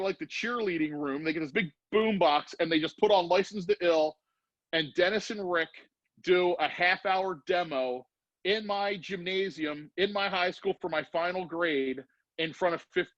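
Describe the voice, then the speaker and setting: Male podcast guest, lively storyteller, slightly high voice, dry lo-fi recording. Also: normal speed, dry recording. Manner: animated storyteller acting out quoted voices. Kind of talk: casual storytelling.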